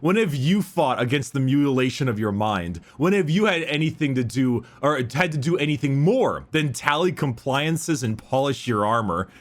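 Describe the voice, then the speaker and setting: A man reading out the speech of a wrathful enslaved warlord, slow and accusing. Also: mid-range voice, expressive, close to an everyday voice. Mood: bitter scornful. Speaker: reading a dramatic quote.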